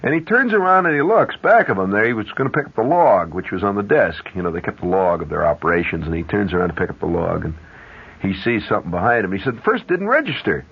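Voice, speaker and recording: A husky male radio host whose voice leaps up and down as he spins a rambling yarn and breaks off for asides. The sound is dull and muffled, like an old 1970s radio broadcast. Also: low-pitched, lively intonation, fast talker. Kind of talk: storytelling monologue on radio.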